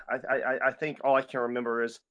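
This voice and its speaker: On a muffled recording, a young man co-hosting a podcast talks fairly quickly in a mid-range, fairly bright voice with little pitch movement. His casual chat rambles, packed with fillers and false starts.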